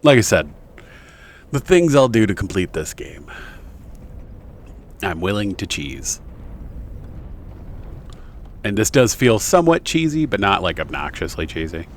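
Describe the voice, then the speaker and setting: A man's voice: fairly low pitch, very animated, a little slow, long pauses, a little hiss or hum. A young man streaming a video game, rambling casually with lots of fillers and self-corrections. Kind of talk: casual gameplay commentary.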